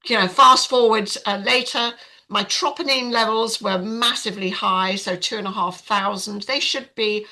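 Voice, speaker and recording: Chatty older woman, bright voice. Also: mid-range voice, moderate pace, poor audio. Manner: frank, chatty, many fillers. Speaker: podcast guest. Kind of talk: casual storytelling.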